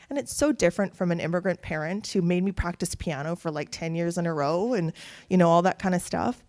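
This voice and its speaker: Speaking briskly with a lowish voice, a woman from Canada delivers a keynote grounded in her own experiences. She's earnest and animated, bringing quoted voices to life as she tells her stories.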